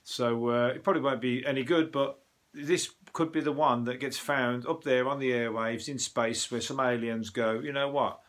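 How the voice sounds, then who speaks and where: A man's voice: medium pitch, steady tone, moderate pace, fairly bright tone. A man with a Birmingham accent hosting a comic news review, talking in a rambling, jokey way with frequent swearing. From Birmingham, England. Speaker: comedian host of a news review show. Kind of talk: casual comic monologue.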